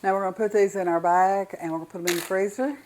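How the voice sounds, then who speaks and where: A woman's voice: medium pitch, steady tone, racing, darkish tone, a little hiss or hum, poor audio. An older woman with a Southern US accent, chatting folksily and enthusiastically while demonstrating home cooking in her kitchen.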